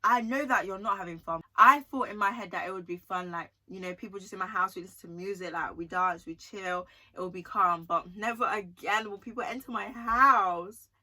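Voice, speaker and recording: A woman's voice: medium pitch, brisk, hardly any pauses, pushed and bright. A young woman telling a personal story in a chatty, emotional vlog, often checking in with her viewers. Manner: chatty, emotional, often asks 'do you know what I mean'. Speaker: vlogger.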